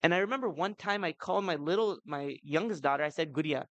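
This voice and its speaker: Speaking fast in a slightly high, fairly bright voice, this thirtysomething man addresses parents at a community family seminar in a conversational way, full of "you know" and "right?" asides to the audience. The audio is muffled and lacks any room sound.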